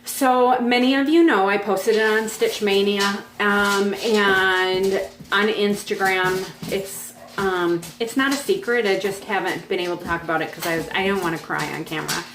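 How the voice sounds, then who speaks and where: Woman, 40s, casual rambling vlog host, mid-pitched, roomy echo with faint hiss. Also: steady tone, moderate pace. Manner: chatty and rambling, with frequent fillers. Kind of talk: casual chat. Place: home on a farm.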